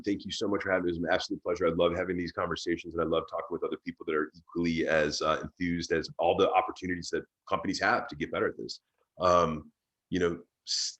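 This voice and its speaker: Very deep-voiced enthusiastic man. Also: fairly bright tone, low-quality recording. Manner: enthusiastic, emphatic, repeats words. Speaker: panel guest. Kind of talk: conversational panel talk.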